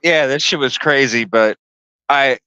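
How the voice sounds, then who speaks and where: Profane, animated male podcast host. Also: medium pitch, unhurried, clear, resonant tone, dry recording, muffled recording. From lived in Chicago. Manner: animated, profane, acts out voices in the story. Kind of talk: casual storytelling.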